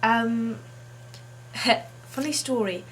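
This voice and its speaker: A woman vlogger with a fairly high, slightly bright voice chats in a casual monologue, drawing out her words in a put-on English accent. She sounds snarky and hesitant, filling her speech with lots of ums and uhs, over slight background noise.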